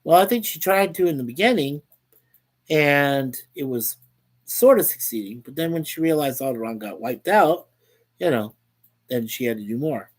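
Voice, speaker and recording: A man's voice: on the high side, lively intonation, normal speed. A man hosting a casual live stream. He reads chat messages aloud and talks in an upbeat, rambling way. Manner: upbeat and easily delighted.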